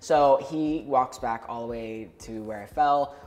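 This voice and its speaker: A man's voice: medium pitch, faint music behind. A man co-hosting a reaction show, chatting casually and teasing himself and his partner. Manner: animated, self-mocking, quick remarks. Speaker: co-host of a reaction channel. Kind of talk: casual chat reacting to videos.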